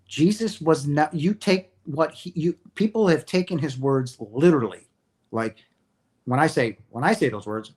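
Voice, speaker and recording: A man's voice: a little high, animated, moderate pace. A man hosting a livestream, talking casually and emphatically to viewers, often asking "right?". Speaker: livestream host sharing near-death experience views. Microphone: streaming setup mic.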